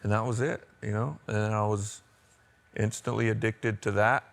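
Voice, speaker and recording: Rambling American man, low voice. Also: level tone, normal speed, gravelly. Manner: rambling, open storytelling. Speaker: band member. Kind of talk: casual interview.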